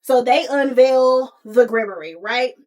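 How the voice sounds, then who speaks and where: A woman's voice: a little high, measured pace, a little mellow. A woman hosting a podcast, retelling a story in a sassy, casual way and calling listeners honey and baby. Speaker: podcast host. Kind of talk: casual movie recap.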